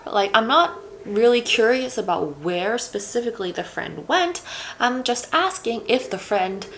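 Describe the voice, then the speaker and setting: A woman's voice: a little high, very animated, a little slow, a bit bright, a little hiss or hum. Chatty woman teaching Korean. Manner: chatty, with many fillers like "you know" and "like". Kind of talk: casual explanatory lesson.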